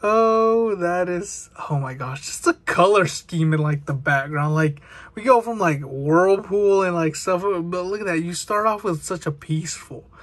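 A young man chatting excitedly with lots of filler words while opening trading card packs. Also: sits high, moderate pace, no room sound. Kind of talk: casual unboxing commentary.

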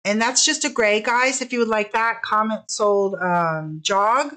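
A woman's voice: medium pitch, unhurried, hardly any pauses, fairly bright tone, poor audio. A woman hosting a live-streamed fabric sale, chatting casually, gushing over the fabrics and apologizing often.

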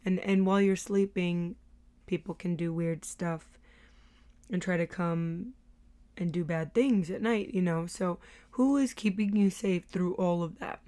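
Slow, earnest woman teaching faith. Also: on the low side, dark tone. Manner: earnest, hesitant, many filler sounds. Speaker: Christian teacher. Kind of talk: devotional teaching talk.

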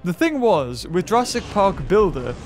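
Male gamer, high-pitched, excitable play-by-play, game music behind. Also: moderate pace. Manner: excitable, thinking aloud, bursts of high-pitched shouts. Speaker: gaming YouTuber. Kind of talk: game commentary.

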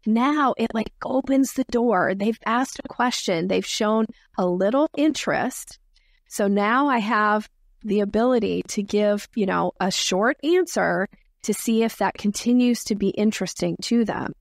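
A woman's voice: mid-range voice, unhurried, dry recording, clean studio sound. A woman sales expert, a podcast guest, explaining her method with acted-out example dialogues. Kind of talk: podcast interview.

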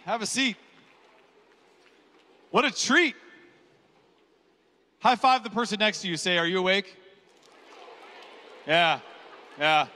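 A man's voice: high voice, slow pace, long pauses. A man in his forties giving a conference keynote, telling a personal story with jokes and acted-out quotes. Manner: animated, jokey storyteller who acts out quotes. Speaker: keynote speaker. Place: large conference hall. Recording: reverberant hall.

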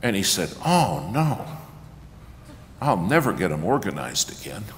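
In a church sanctuary, an unhurried, low-voiced guest preacher animates his sermon story by acting out quotes, rising into loud, raised passages. The reverberant hall carries faint ambience and slight background noise.

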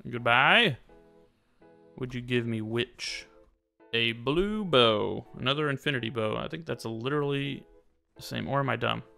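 Young male gamer, chatty and smooth-voiced with some vocal fry, keeps up a running commentary over soft background music. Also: medium pitch. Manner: chatty, talks to the game characters, quick swings to loud surprise. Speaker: gaming YouTuber. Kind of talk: casual let's-play commentary. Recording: faint music behind.

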